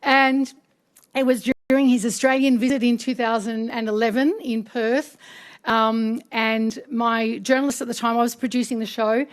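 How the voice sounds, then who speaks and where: Emotional woman MC telling a story. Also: fairly high pitch. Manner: emotional storytelling with many fillers. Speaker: event MC. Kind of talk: speech at a public event. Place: parliament function hall.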